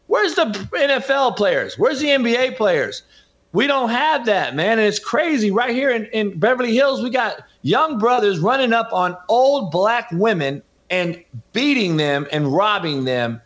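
A middle-aged football coach and podcaster, guesting in an interview, speaks emphatically and often calls the host by name. His voice is high, sing-song, slightly slow and a bit bright, and the talk is impassioned, though the audio is dull and lo-fi.

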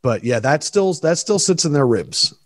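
A man's voice: on the high side, moderate pace, no room sound. A man hosting a podcast in casual chat, swearing freely and getting emotional as he tells stories, close to tears. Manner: emotional, swears a lot, animated storytelling. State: teary, close to crying. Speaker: podcast host.

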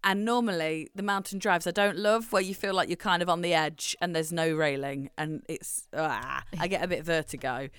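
A woman's voice: lowish voice, normal speed, hardly any pauses, a bit bright, clean tone, no room sound. A young woman from England, co-hosting a podcast, telling stories in casual chat and acting out what people said, laughing often. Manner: chatty storyteller, laughs often, acts out quotes. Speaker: podcast co-host.

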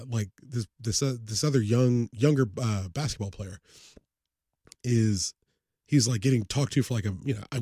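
A man's voice: medium pitch, no room sound, studio quality. A man co-hosting a sports podcast in loose, profane casual chat. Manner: profane, animated, breaks into song. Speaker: podcast co-host.

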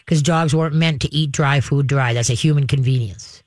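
A man's voice: medium pitch, normal speed, no room sound. A man hosting a call-in pet advice show, folksy and reassuring, rambling with frequent restarts. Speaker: pet advice radio host.

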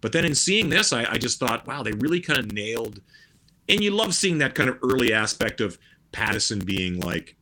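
A man's voice: medium pitch, big pitch swings, a little fast, pushed and bright. A middle-aged man chatting casually as a podcast guest, rambling with many restarts and fillers. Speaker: guest musician.

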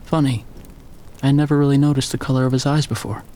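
A man giving a measured, scripted first-person story narration. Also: medium pitch, flat delivery, warm tone.

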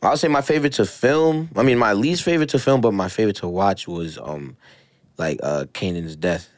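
A man's voice: fairly low pitch, brisk, no echo. A young man co-hosting a podcast in a studio, telling laid-back, slangy stories with lots of swearing. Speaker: podcast co-host. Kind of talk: casual chat.

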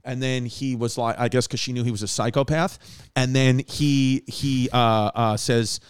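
A man tells a rambling story in casual chat. His voice is smooth and clear, and it is recorded close and dry. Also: mid-range voice, steady tone, moderate pace, dry recording. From Queens, New York. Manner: rambling, with many fillers and profanity.

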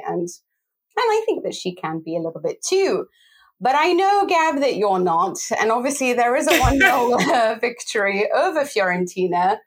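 Fast-talking exasperated woman football host. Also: mid-range voice. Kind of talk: casual podcast discussion.

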